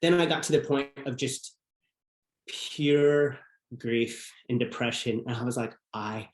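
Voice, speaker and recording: A man's voice: medium pitch, measured pace. A man as a podcast guest, telling a personal story in an earnest, reflective way. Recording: roomy echo.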